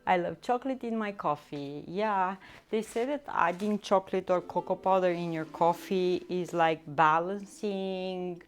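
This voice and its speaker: A woman's voice: on the low side, a little slow, clean tone. A woman hosting a live stream from her home kitchen, chatting and giggling as she answers viewer comments. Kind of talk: live-stream baking chat. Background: soft background music.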